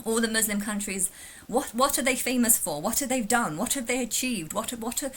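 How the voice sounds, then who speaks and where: An English woman with a slightly high voice speaks at normal speed while reacting to a video in a casual vlog. She rambles, restarting often and repeating words.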